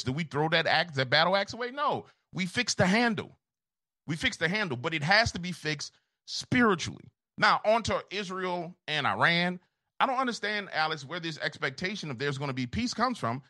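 A man's voice: pushed and bright, dry recording. A man, a pastor, preaching with fire and emphasis as a guest on a talk show. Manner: emphatic, booming. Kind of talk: fiery preaching.

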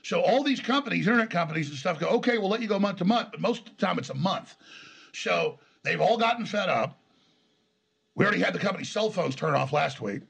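A man's voice: high voice, animated, quick pace, creaky, fairly bright tone, slightly rough. A man with a Texas accent, a guest in a conversational interview, telling a long story in an emphatic, rambling way. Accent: Texan. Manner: emphatic, rambling, acts out quoted exchanges.

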